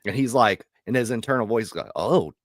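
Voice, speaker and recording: A man co-hosting a casual podcast chat, laughing easily as he tells his stories in a lively way. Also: medium pitch, brisk, no room sound, studio quality. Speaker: podcast co-host.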